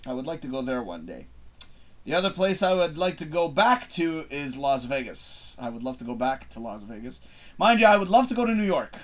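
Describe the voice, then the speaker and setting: A man's voice: mid-range voice, very animated, brisk. A man hosting a casual live stream, reading out viewer questions and answering in a loose, profane, rambling way with frequent laughs.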